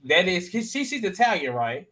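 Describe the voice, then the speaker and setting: A man hosting a casual panel chat, animated and jumping into high voices to act out quotes. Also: moderate pace. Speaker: podcast panel host recapping a reality show.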